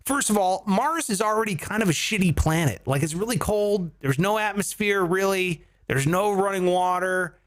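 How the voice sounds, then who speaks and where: A man hosting a comedy podcast, chatting casually, swearing and joking with animated energy. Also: high voice, normal speed, hardly any pauses. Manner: animated, swearing, mock voices for jokes.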